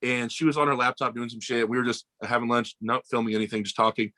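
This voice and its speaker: A young American man telling stories in a casual podcast chat, animated and swearing, acting out the people he quotes. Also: medium pitch, fast, no echo. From United States. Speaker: podcast guest.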